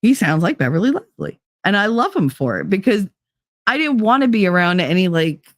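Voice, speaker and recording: A woman's voice: mid-range voice, sing-song, brisk, dry recording, clean studio sound. A woman hosting a livestream talk show, chatting casually and reading viewer comments, blunt, swearing freely and laughing easily.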